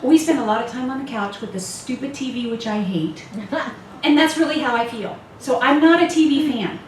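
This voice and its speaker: A high-voiced woman in her fifties, speaking a little fast, opens up candidly to a women's retreat, often laughing and poking fun at herself. The setting is a retreat meeting room, and the audio is echoey, noisy, and picked up from afar.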